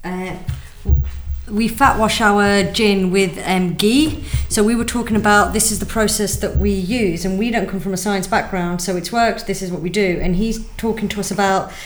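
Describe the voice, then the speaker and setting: A woman, a gin distillery co-founder, explaining the process in a steady, methodical way. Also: mid-range voice, normal speed. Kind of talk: explanatory conversation. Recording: echoey room.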